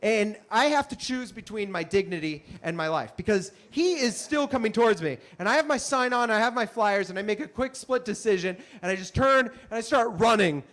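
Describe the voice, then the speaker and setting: A man telling a comic story on stage in an animated, punchy way, with frequent asides to the audience. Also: high voice, fairly quick, few pauses. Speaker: comedian and storyteller. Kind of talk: stand-up storytelling.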